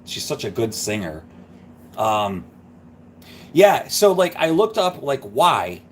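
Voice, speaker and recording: A man's voice: mid-range voice, very animated, slow, slight background noise. A man hosting a live stream, chatting casually and rambling through a story. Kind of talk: casual chat.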